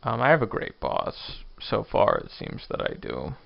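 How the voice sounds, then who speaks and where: A man's voice: fairly low pitch, huge pitch swings, a little slow, creaky, no echo, highs cut off. A drunk man in his twenties hosting his own podcast, rambling and joking at his own expense. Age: 20s. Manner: rambling, self-deprecating. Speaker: podcast host. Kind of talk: casual solo rambling podcast.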